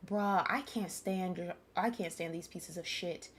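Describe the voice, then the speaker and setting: A woman's voice: fairly low pitch, measured pace, husky. A young woman streamer commenting live on a game, ranting angrily and swearing at the characters. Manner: angry, profane, ranting at characters.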